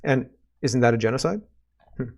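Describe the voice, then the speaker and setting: A man's voice: mid-range voice, normal speed, vocal fry, a little mellow. A Canadian man hosting a casual solo political commentary show, reading viewer comments aloud and reacting with sarcasm and exasperation. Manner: sarcastic, exasperated, mocking voices in quotes.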